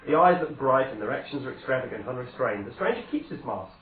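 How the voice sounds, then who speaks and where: A man's voice: medium pitch, expressive, fast, a little hiss or hum. A man narrates a tabletop game as game master, talking conversationally and correcting himself as he goes. His voice is thin and phone-like, set far back in an echoing room. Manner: conversational, with hesitations and self-corrections. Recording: echoey, distant, phone-like sound.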